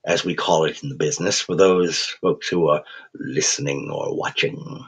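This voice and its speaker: A man's voice: very deep voice, fairly even intonation, moderate pace, husky, pitched below the performer's own voice, full character voice. A man voicing a gleeful raven-headed male demon game show host, crooning and mocking with an English accent. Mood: taunting. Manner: cheerful crooning showman, mocking. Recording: dull lo-fi recording.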